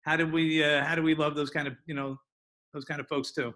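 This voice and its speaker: Man, moderator, bright voice, fairly high, monotone. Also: brisk, slight background noise. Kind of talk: reading audience questions.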